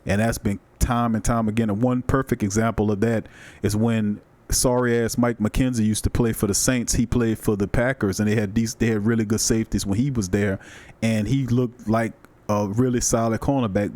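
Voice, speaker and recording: A man hosting a live sports podcast in casual chat, loose and animated as he reads viewer comments aloud. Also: fairly low pitch. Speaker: podcast host.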